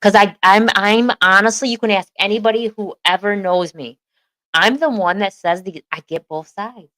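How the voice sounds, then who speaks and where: A woman's voice: medium pitch, normal speed, a bit bright, no echo, poor audio. A woman co-hosting a podcast, talking in emphatic, repetitive bursts in casual chat. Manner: emphatic, repeats herself, talks in bursts.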